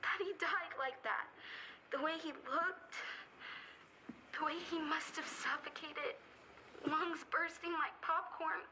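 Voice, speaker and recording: Actress as a creepy, high-voiced ghoul-woman, slow and savoring, clear noise in the clip. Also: exaggerated voice, rough recording. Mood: eerie. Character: creepy woman relishing a boy's death. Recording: clip with steady noise behind.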